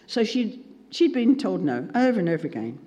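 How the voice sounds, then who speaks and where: A man with an animated storytelling manner, acting out dialogue as a Christian speaker. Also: high-pitched, brisk, lo-fi sound. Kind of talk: storytelling talk. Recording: long reverb in a hall.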